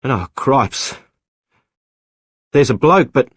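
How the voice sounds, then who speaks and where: A man narrating an audiobook voices a young lighthouse keeper who shouts in blunt, urgent exclamations. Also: fairly low pitch, unhurried, slightly rough, dry recording, studio quality. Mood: alarmed. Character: young Australian lighthouse keeper, practical, steady. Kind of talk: audiobook character voice.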